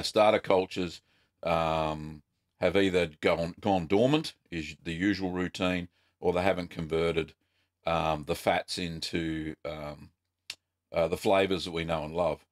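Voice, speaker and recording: Australian male host, low and gravelly, easygoing live-chat delivery. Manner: relaxed and chatty, frequent ums and uhs.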